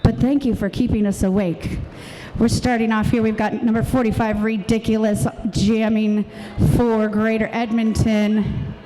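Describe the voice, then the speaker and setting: Lady calling a roller derby bout live, kinda high voice, lots of noise behind her. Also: level tone, a little slow, few pauses, warm tone, low-quality recording. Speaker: derby announcer. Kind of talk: live sports commentary.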